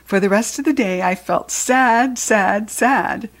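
A woman narrating a children's audiobook in an expressive, playful first-person storytelling manner. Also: fairly high pitch, slow.

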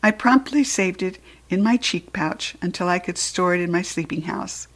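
A woman narrating a children's audiobook in an expressive, playful first-person storytelling manner. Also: on the low side, normal speed.

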